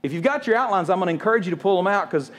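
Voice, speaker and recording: A man's voice: high-pitched, expressive. A man preaching a sermon as a pastor, casual and conversational, joking and acting out what people say. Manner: fast, conversational preaching with quick jokes and acted-out quotes.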